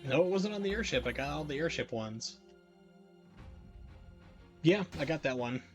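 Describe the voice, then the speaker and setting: A man's voice: fairly high pitch, animated, moderate pace, soft background music. A man casually commenting on his gameplay while streaming, rambling and wry as he chats to his viewers. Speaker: game streamer.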